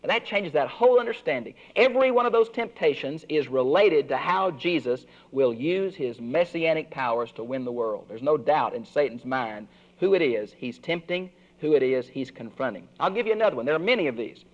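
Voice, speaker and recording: Older male Bible teacher, fairly high voice, earnest classroom delivery, dull recording. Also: lively intonation, fairly quick. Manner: earnest teaching, swinging pitch for emphasis.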